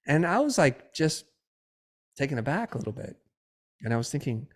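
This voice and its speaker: A middle-aged man, a podcast guest, telling a personal story in a lively way and acting out the dialogue. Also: medium pitch, normal speed, long pauses. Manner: lively storyteller who acts out quoted dialogue. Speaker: podcast guest, designer and educator.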